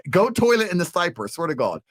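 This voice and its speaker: A man in his thirties with a fairly high voice tells a story at a lively clip, swearing casually and slipping into the voices of the people he describes. The sound is dry and close, with no room around it. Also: a little fast, no echo. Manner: acts out quoted voices, swears freely. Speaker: podcast guest. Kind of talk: animated storytelling.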